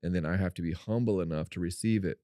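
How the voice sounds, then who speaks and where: A man co-hosting a faith-based podcast, telling a personal story in an animated way and acting out what people said. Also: quick pace, no room sound, clean studio sound. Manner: animated storyteller, acts out quotes in a high voice. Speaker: podcast co-host.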